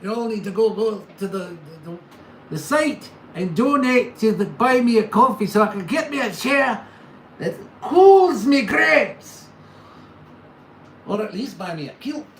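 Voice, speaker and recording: Man putting on a loud blowhard. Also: high voice, lively intonation, slight background noise, voice pushed up. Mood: blustery. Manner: loud, drawn-out, jokey. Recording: echoey room with faint ambience.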